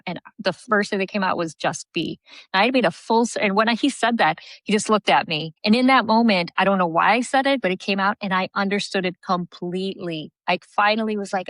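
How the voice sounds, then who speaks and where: A woman's voice: mid-range voice, quick pace, a bit bright, no room sound, poor audio. A woman leadership coach in a remote podcast interview, telling stories earnestly with many fillers and restarts. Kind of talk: podcast interview, reflective storytelling.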